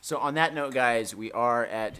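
A man co-hosting a casual podcast, throwing in quick jokes and interjections. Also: medium pitch, a crowd in the background. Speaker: podcast co-host.

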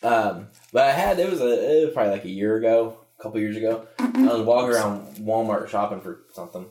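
A man's voice: fairly low pitch, a little mellow, roomy sound. A man co-hosting a podcast, chatting casually, often laughing and trailing off with restarts. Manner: laughs often, halting with restarts, crude jokes. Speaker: podcast co-host. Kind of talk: casual chat.

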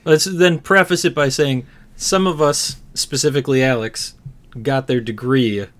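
A man's voice: mid-range voice, measured pace, a bit bright. A man co-hosting a podcast, chatting casually and prompting his co-host with follow-up questions. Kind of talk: casual chat.

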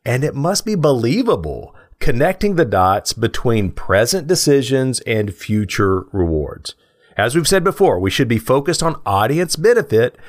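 A man co-hosting a podcast, explaining ideas in a measured, thoughtful way and laughing easily. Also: mid-range voice, big pitch swings. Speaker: podcast co-host.

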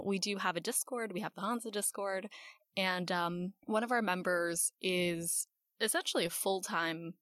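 A woman with a lowish voice chats as a podcast guest. She tells stories in a relaxed way and pauses often on fillers. Her sound is dry and close to the mic. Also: dry recording. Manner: relaxed storytelling with many fillers. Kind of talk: casual chat.

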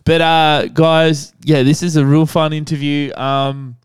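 Australian male co-host, high and rambling, laughs often; smooth tone, dry close sound. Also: level tone, unhurried, no room sound. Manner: giggly, rambling, swearing freely. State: stoned. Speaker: podcast co-host. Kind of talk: casual podcast chat.

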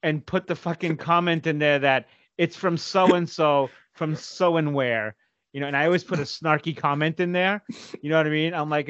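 A man co-hosting a podcast, telling stories in profane, animated casual chat and slipping into quick impressions. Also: fairly high pitch, smooth, dry recording, dull audio. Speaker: podcast co-host.

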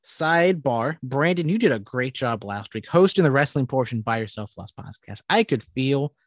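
A man's voice: medium pitch, expressive, normal speed, no room sound, clean studio sound. A young man co-hosting a podcast in casual chat, rambling with many restarts and casual swearing. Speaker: podcast co-host.

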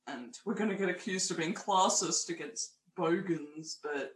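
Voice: mid-range voice, measured pace. A young adult with an Australian accent co-hosting a casual film review chat, speaking frankly and crudely. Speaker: podcast co-host. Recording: roomy echo, faint background noise.

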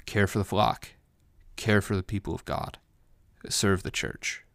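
A man's voice: deep voice, steady tone, a little slow, gravelly, a bit bright, clear, resonant tone, dry recording, studio quality. A man, a pastor, giving an unscripted bible study commentary, thinking aloud and often restarting his phrases.

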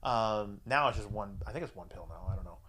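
A man hosting a podcast, telling a story in a casual, profane, animated way and acting out both sides of the dialogue. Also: fairly low pitch, fairly quick, a little hiss or hum. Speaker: podcast host.

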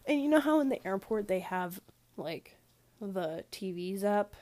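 A woman's voice: mid-range voice, animated, a little slow, a little mellow. A young woman telling a rambling story in a casual chat style, full of fillers and asides. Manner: rambling, chatty, lots of "like" fillers. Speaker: vlogger.

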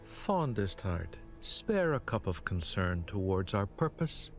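A man's voice: on the low side, very animated, slow pace, full character voice. An actor playing a menacing, damaged villain man with a hybrid Irish and British lilt, creepy and mocking. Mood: sardonic. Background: score music.

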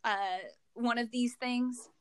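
Blunt, slangy woman, higher voice. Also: fairly even intonation, takes it slowly, a bit bright, smooth. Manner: blunt, slangy, laughs along. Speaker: podcast co-host. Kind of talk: casual chat.

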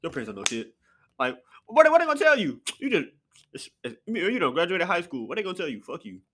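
A man's voice: high-pitched, very animated, quick pace, a bit bright. A young man hosting a solo podcast, rambling and profane, often mocking himself. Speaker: podcast host. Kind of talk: casual solo podcast rant.

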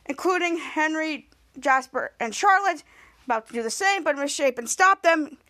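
Rambling high-voiced woman podcast host. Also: measured pace, pauses often, a bit bright. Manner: rambling retelling with many restarts, acting out lines. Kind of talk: casual episode recap.

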